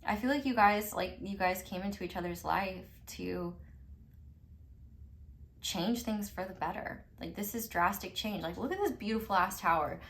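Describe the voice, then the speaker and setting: A woman of medium pitch and fairly bright tone speaks at a moderate pace while giving a casual pick-a-card tarot reading. She's emphatic and talkative, dotting her speech with "like" and casual swearing, and laughs often between remarks.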